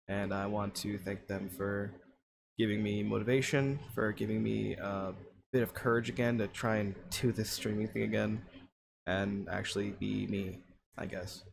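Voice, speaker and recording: A man in his twenties speaks to his stream audience in a halting, self-conscious way, with frequent pauses and fillers. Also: on the low side, vocal fry, noisy background. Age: 20s. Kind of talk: casual heartfelt stream talk.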